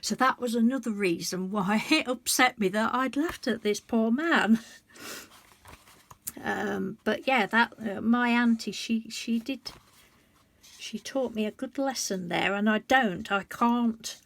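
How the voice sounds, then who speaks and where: A woman in her sixties, a colouring book vlogger, talks slowly in a slightly high voice with vocal fry. Her casual chat is emotional and confiding, meandering with frequent self-interruptions.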